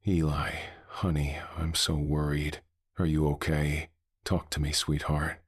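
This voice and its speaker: A man voicing a hollow monster that copies human voices, in a soft, eerily calm way. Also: rumbling low, measured pace, slightly rough, no echo, clean studio sound, heavily acted. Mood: coaxing mimicry.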